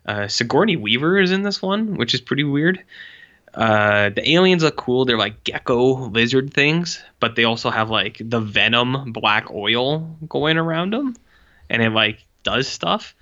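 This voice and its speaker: A man's voice: mid-range voice, lively intonation, a little slow, pushed and bright, muffled recording. A man casually chatting as a podcast co-host, rambling and sarcastic with lots of "like". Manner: rambling, sarcastic, heavy use of "like". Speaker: podcast co-host reviewing short films. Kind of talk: casual chat.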